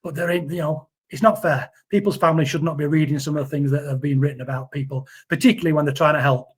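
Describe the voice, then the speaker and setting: A man's voice: a little high, steady tone, quick pace, slightly rough. A man, talking earnestly in a casual interview, often repeating words as he defends someone. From Yorkshire, England. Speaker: interview guest.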